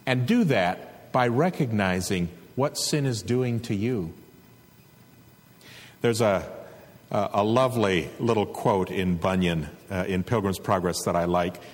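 A male preacher delivering an earnest, emphatic sermon with a husky voice. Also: fairly low pitch, a little slow, big-room sound. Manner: earnest, emphatic exhortation with rising intensity.

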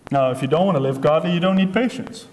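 A man preaching with a high, bright-pitched voice, hammering his points through repetition. His words ring out with a long reverb in a big church hall. The delivery is a full sermon, insistent and earnest. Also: fast, slight background noise. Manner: emphatic, repetitive, acts out voices in asides.

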